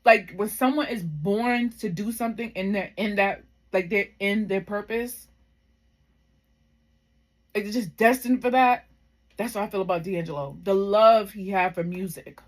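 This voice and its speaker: A woman in her thirties shares a personal story to camera. Her pitch sits mid-range, and she talks in a loose, heartfelt way. She drifts between thoughts with plenty of "like" and "um". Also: a little slow. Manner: heartfelt, reflective, rambling with many fillers. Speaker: vlogger.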